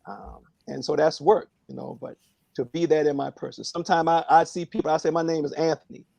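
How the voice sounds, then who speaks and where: A man speaking earnestly and reflectively on a phone prayer line, in a halting way with many fillers. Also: on the high side, vocal fry, dark tone, no room sound, muffled recording.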